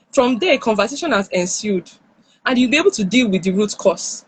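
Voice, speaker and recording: A woman's voice: medium pitch, brisk, breathy edge, no echo, low-quality recording. A woman with a Nigerian accent giving parenting advice on a live stream, acting out what parents and children say. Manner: animated, acts out parent and child lines. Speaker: parenting speaker. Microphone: phone or headset on a live stream.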